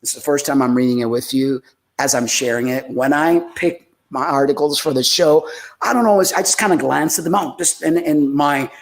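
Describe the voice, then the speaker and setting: A man's voice: fairly high pitch, normal speed, vocal fry. Preachy, rambling man on a spiritual show. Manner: emphatic, rambling and preachy, with many restarts. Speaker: host of a spiritual live radio show. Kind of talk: casual spiritual talk, reading listener comments.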